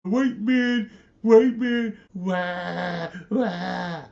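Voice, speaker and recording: A man mockingly voicing a whiny, complaining man, drawn out high and slow. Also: steady tone, vocal fry, a little mellow, muffled recording, full character voice. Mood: whining.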